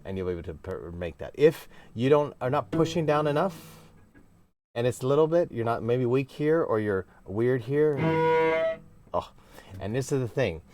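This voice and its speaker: A man teaching a casual cello lesson, talking in an animated, playfully emphatic way with sudden exclamations. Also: medium pitch, normal speed, faint music behind. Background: cello playing.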